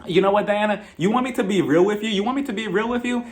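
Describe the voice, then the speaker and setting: A man's voice: sits high, fast talker, close to an everyday voice. A man playing a defensive, heated woman. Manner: insistent, repeating lines. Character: emotional, defensive woman on a reality show.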